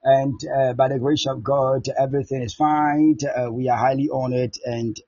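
A man pastor preaching and praying fervently on an online prayer line, with impassioned, repetitive declarations and shouted peaks. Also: medium pitch, little pitch movement, normal speed, few pauses, husky, no echo. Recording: dull lo-fi sound with faint music.

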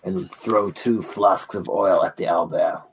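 A man playing a tabletop game, calmly describing his character's actions in the third person. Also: low voice, measured pace, slight background noise, rough recording. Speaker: player.

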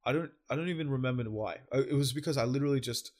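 A man's voice: medium pitch, rapid-fire, a little mellow. A young Australian man co-hosting a casual chat, swearing freely and explaining things at length. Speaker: podcast co-host.

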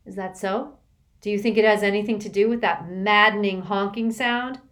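A woman voicing a gruff, blunt teenage girl guard who talks in a brusque, dismissive way. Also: medium pitch, fairly even intonation, moderate pace, a bit bright, natural voice.

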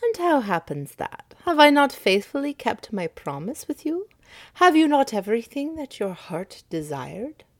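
A woman voicing a smiling, mysterious male stranger in a storybook reading, slow and measured. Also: sits high, very animated, voice pushed up, exaggerated voice. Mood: questioning.

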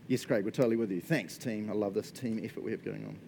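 A man preaching a casual, conversational sermon, animated and chatty, often checking in with his listeners. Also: on the low side, quick pace, gravelly, slight background noise. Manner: animated and chatty, frequent laughs and "right?" check-ins.

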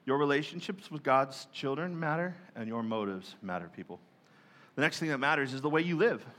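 A male pastor giving a lively sermon, joking and acting out people's prayers in mock voices. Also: medium pitch, fairly quick.

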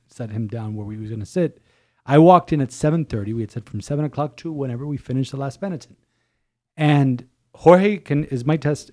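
A male priest co-hosting a podcast, telling stories in an animated, casual way with many restarts. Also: medium pitch. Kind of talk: casual chat.

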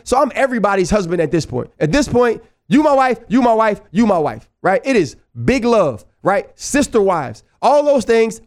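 A man from New Orleans with a New Orleans accent, hosting a show and telling a long story in a casual, animated, digressive way, often checking in with "right?". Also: high voice. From New Orleans, USA. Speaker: podcast host.

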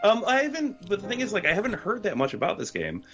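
A man's voice: high voice, wildly swooping pitch, fast talker, a bit bright, faint music behind. A man, a guest critic, chatting casually on a gaming podcast, talking hesitantly with many ums and you-knows.

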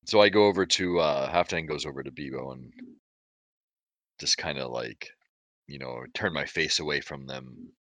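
Man with an extremely deep voice. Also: moderate pace, fairly bright tone, no room sound. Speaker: player. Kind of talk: casual tabletop game play.

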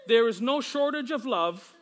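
A man's voice: very high voice, expressive, normal speed, fairly bright tone. A male pastor preaching a sermon during a church service. He is fervent and exclamatory, breaking into praise often and joking casually with the congregation.

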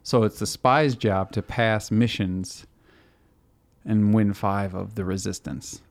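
A man hosting a podcast, chatting casually and telling stories in an animated way, laughing often as he goes. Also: on the low side, takes it slowly, creaky. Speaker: podcast host. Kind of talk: casual chat.

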